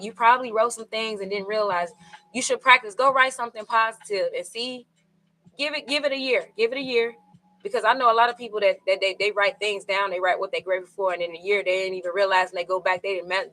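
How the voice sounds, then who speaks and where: A tarot reader gives a casual, rambling reading, full of fillers and asides to her viewers. Her voice sits mid-range with a fairly bright tone, and the recording is low quality.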